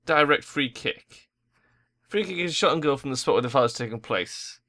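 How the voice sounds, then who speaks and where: A young gaming YouTuber grumbles and swears over a football tactics game in animated commentary at a moderate pace. His medium-pitched voice sounds pushed and bright.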